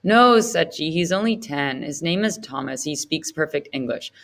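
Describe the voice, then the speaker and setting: A woman's voice: sits low, expressive, moderate pace. Woman voicing a wheedling orphanage keeper. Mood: insistent. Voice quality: ingratiating, wheedling. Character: fawning, scheming male orphanage keeper.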